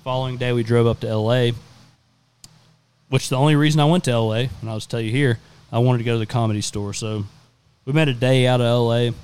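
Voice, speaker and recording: A young man in his twenties tells a long, loose story in casual podcast chat. His voice is smooth and resonant, and the talk rambles and swears freely. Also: medium pitch, steady tone, fast talker, darkish tone. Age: 20s. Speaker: podcast host.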